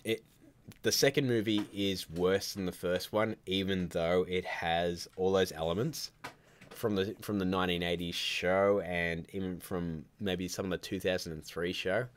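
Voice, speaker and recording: A man's voice: sits low, steady tone, unhurried, slight background noise. A man hosting a live stream from home, chatting casually and rambling through his opinions, often stopping and restarting his sentences. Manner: rambling, opinionated, self-interrupting. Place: at home by a computer, child nearby.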